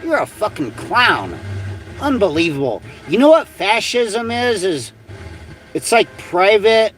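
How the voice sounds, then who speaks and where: A man with a high voice delivers an angry, profane livestream rant. His pitch swings widely as he repeats himself and curses again and again. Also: a bit bright, low-quality recording. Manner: profane, repetitive, heated ranting. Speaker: livestream host.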